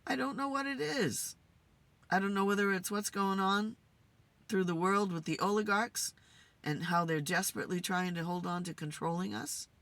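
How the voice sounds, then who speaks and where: A woman host talking to spirits in a casual, musing way, tired and low on energy. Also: fairly even intonation, normal speed, fairly bright tone, dry recording. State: tired, yawning. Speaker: spirit communicator and channel host. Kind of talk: casual spirit session monologue. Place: in a car.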